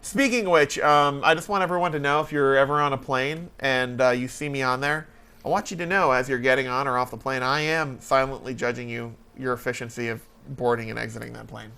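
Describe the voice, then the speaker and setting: A man's voice: mid-range voice, fairly quick, clear, resonant tone. A man hosting a talk show, chatting casually and rambling through stories with many hesitations. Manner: rambling, hesitant, animated storytelling. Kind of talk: casual chat.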